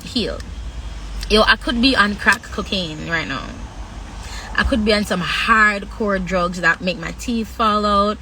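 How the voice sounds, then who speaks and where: A woman speaking frankly on a livestream, halting often with long pauses as she talks about her own life. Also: mid-range voice, background noise. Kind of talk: candid personal talk.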